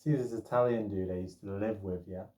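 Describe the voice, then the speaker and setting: A man's voice: fairly low pitch, fairly even intonation, a little fast, dark tone. Young guy rambling thru a story, lots of likes and ums, kinda far from the mic, echoey room. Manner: rambling, chatty, lots of fillers. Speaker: vlogger telling a personal story. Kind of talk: casual storytelling.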